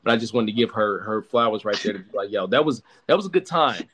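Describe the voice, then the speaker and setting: Animated, profane young man on a podcast. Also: on the low side, fast talker, husky. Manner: animated, profane, emphatic with many restarts. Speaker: podcast host. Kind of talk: casual chat.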